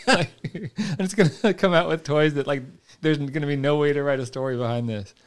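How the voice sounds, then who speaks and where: A man's voice: medium pitch, quick pace, darkish tone, smooth. A man co-hosting a podcast in casual chat, rambling, laughing often and acting out silly made-up scenes. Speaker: podcast co-host.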